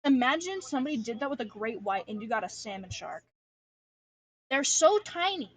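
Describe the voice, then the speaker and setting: A woman's voice: a little high, very animated, normal speed, slightly rough, dry recording. A young woman from Alaska rambling casually on a livestream, slangy, self-deprecating and swearing freely, speaking at home at her computer. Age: young adult. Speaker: streamer. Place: home room.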